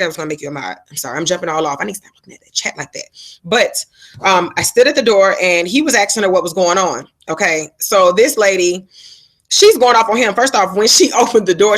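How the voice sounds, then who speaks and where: A woman's voice: medium pitch, a bit bright. Chatty woman telling a story on a live stream. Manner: chatty, slangy, breaks off to answer viewers. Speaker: livestream host. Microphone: phone and laptop setup.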